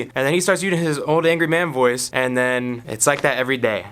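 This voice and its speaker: A man's voice: mid-range voice, fairly even intonation, fairly quick, hardly any pauses, a bit bright, slight background noise. Resigned matter-of-fact man. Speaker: office coworker. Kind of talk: mockumentary talking-head interview.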